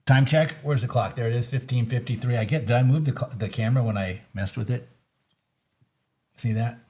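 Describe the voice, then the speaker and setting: A man's voice: medium pitch, fairly quick, husky. A man hosting a live market recap from his trading desk, chatting casually and joking over the charts. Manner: excitable and joking, bursts of laughter.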